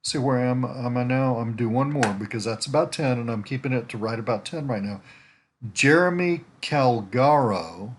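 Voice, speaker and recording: A man's voice: medium pitch, fast talker, few pauses, a little mellow, slight background noise. A man in casual screen-share commentary, thinking aloud as he browses profiles, rambling with restarts and asides, talking from home. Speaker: network marketer prospecting on a social site. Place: at home in winter.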